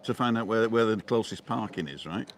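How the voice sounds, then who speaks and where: A man's voice: fairly low pitch, a little fast. An older man co-hosting a live stream, joking and teasing in casual chat at an outdoor cafe. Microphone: phone on a live stream.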